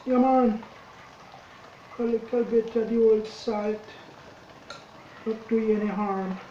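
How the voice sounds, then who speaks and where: Guy doing a jokey jamaican caribbean accent, high and stretched out, echoey noisy kitchen. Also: steady tone, distant mic, muffled recording. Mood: playful. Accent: put-on Jamaican Caribbean. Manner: sing-song, drawn-out, playful repetition. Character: jovial man in a put-on Caribbean accent.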